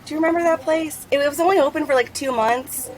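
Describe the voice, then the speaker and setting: Chatty woman with a high voice. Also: fast, slight background noise, poor audio. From Charlotte, North Carolina. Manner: chatty, laughs often, many fillers. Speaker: guest, plant grower. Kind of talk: casual chat.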